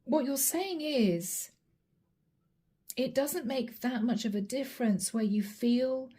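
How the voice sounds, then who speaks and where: Mellow-voiced woman doing a chatty tarot reading. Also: a little high, lively intonation, measured pace, slightly rough. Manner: chatty, addresses viewer directly, names cards as she draws. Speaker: tarot reader.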